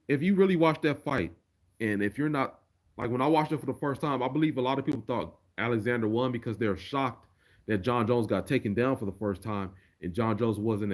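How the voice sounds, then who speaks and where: Chatty man reading viewer comments. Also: fairly low pitch. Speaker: streamer. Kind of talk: casual livestream chat.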